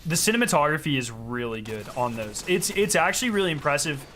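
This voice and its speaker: An excitable young male streamer chatting casually with his viewers as he plays, rambling and full of fillers. His voice sits a little high and rings bright and forceful. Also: fast, a little hiss or hum. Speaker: game streamer. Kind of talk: casual chat while playing.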